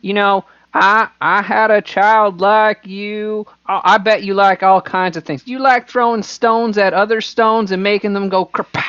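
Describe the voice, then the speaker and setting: A man's voice: high voice, fairly even intonation, measured pace, hardly any pauses, fairly bright tone, clear, resonant tone, dry recording, muffled recording, pitched above the performer's own voice. A man voicing a friendly dragonborn adventurer in a folksy, coaxing drawl, in a tabletop game played over voice chat. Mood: soothing.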